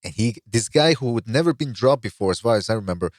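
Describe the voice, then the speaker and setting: A man's voice: lowish voice, animated, quick pace, no echo. Man telling boxing stories, dry close mic. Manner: storytelling, builds up to punchlines. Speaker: podcast host. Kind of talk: casual podcast chat.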